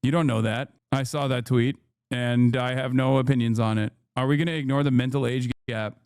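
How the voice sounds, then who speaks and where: A man hosts a live reaction stream, trading sarcastic jokes in a relaxed, chatty way. His voice sits at an ordinary middle pitch. The sound is close and dry, with no room echo. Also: brisk, clear, resonant tone. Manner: sarcastic, joking. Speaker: streamer host.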